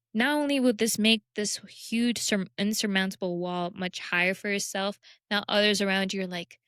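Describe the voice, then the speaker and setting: A young woman hosting a podcast discusses self-help topics casually and candidly, often joking at her own expense. Her mid-range voice is smooth, resonant and fairly bright. The recording is close and dry, with virtually no room sound.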